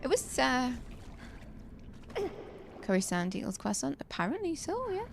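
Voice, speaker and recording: A woman's voice: high voice, huge pitch swings, a little slow, creaky. A woman streaming a survival game, telling shop stories in chatty casual talk full of fillers and restarts. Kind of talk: casual chat while gaming. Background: game music.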